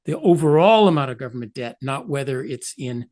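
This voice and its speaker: A man in his sixties, a guest economist, explaining ideas in an animated, emphatic way with wry asides. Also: medium pitch, fairly quick. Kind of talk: explanatory interview talk.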